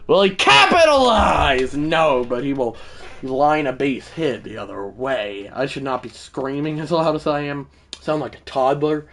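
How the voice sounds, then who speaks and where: Man shouting excited game play-by-play. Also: fairly high pitch, unhurried, creaky, a little hiss or hum. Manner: mock broadcaster calls that burst into shouting; rambling self-mocking asides. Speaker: gaming streamer. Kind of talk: casual play-by-play of a video game.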